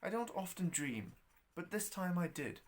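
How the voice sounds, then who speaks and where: A man narrates his own story aloud in a wry, expressive reading voice, pitched a little above most men. His voice rises and falls widely, lingering on descriptions and questions. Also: moderate pace.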